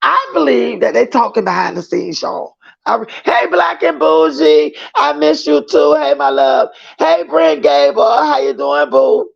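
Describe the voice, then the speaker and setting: Male livestream host: very high, raspy voice, loose gossipy chat with his viewers; muffled lo-fi sound. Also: big pitch swings, a little slow. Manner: chatty and gossipy, greets viewers as boo. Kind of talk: casual chat reading viewer comments.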